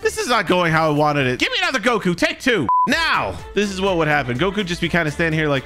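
An excitable man commenting on a sandbox game, joking and laughing. His voice is high and bright, with faint music under it. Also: quick pace. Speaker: gaming YouTuber.

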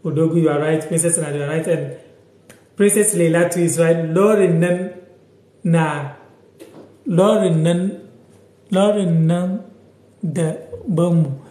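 A man's voice: on the high side, unhurried, long pauses, dark tone, echoey room. A man with a Ghanaian accent teaching a casual live-stream language lesson, repeating words and reading out viewer comments.

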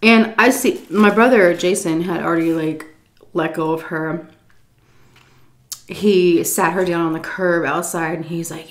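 A young woman vlogger casually telling a story, animated and swearing, acting out quotes loudly. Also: fairly low pitch, moderate pace.

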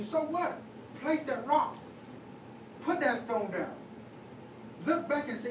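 A man's voice: very high voice, a little slow, pauses often. Young man, youth leader, casual conversational sermon, recorded from far off in a church hall, noisy background. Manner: conversational preaching with many fillers. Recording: echoey church hall, taped from far off with noise.

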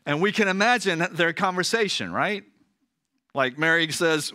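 A man's voice: fairly high pitch, animated, normal speed, pushed and bright, no echo, clean studio sound. A male pastor preaching a sermon in a conversational manner, often checking in with listeners. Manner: conversational, frequent "right?" asides.

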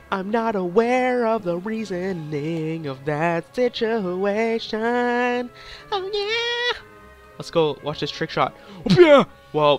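A man's voice: on the high side, fairly bright tone. Crude, goofy young gaming commentator man. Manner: silly, crude, rambling jokes. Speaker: gaming YouTuber.

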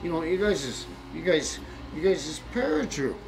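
A man doing a Russian soldier whose voice rises high and loud. He proclaims each guess slowly and with emphasis, with banjo music playing behind. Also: very animated, poor audio. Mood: insistent. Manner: slow, emphatic, pointing and declaring. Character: boastful male Russian soldier guessing ranks.

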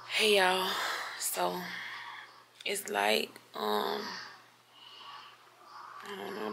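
A woman's voice: mid-range voice, level tone, extremely slow, creaky, pauses often, noisy background. A woman chatting straight to the camera in a hotel room, sore and recovering after surgery. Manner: chatty, talks straight to viewers as y'all. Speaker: vlogger. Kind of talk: casual vlog talk to camera.

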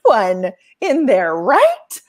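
A woman's voice: on the high side, huge pitch swings, drawn-out words. A woman hosting a podcast, chatting casually about a TV episode with wry asides and plenty of filler words. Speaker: podcast host. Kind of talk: casual TV review chat.

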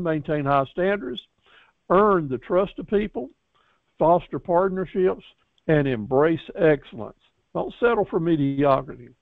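A man's voice: on the high side, no room sound. A man teaching a business course, giving a folksy graduation talk to his class in a coaching manner, with frequent restarts and repeated words. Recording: dry, tinny phone-like sound.

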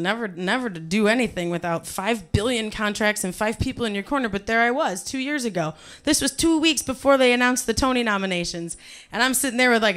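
A woman from Cleveland telling her life story to a live audience, profane and animated, swinging from quiet, low asides to shouted punchlines. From Cleveland, USA.

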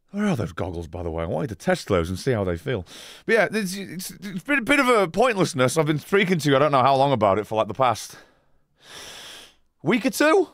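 A man's voice: medium pitch, no room sound, studio quality. A man casually chatting on a live stream, rambling and swearing, laughing often as he reads chat.

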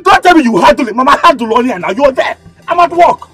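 Male actor as a Nigerian keke driver: high, quarrelsome, shouting; film score underneath. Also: expressive, fast talker, faint music behind. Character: hot-tempered keke driver, a grown son. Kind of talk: Nollywood film acting.

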